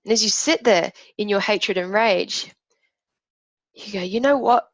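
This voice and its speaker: A woman's voice: mid-range voice, steady tone, measured pace, fairly bright tone, no room sound, muffled recording. A woman teaching an emotional technique, talking through imagined inner voices in an earnest, reflective way. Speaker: emotional wellbeing coach.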